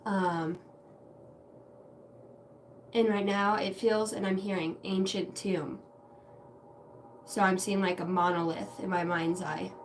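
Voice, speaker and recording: A woman's voice: medium pitch, steady tone, slow, long pauses. A woman giving a casual livestream tarot reading. She talks in a meandering, reflective way and swears casually now and then. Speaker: tarot and intuitive reader. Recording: distant mic with faint background noise.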